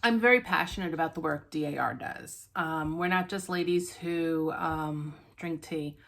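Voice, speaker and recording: A woman's voice: low-pitched, moderate pace, vocal fry, a bit bright. A woman hosting a stitching vlog, chatting casually to viewers, out of breath, rambling with many ums and restarts.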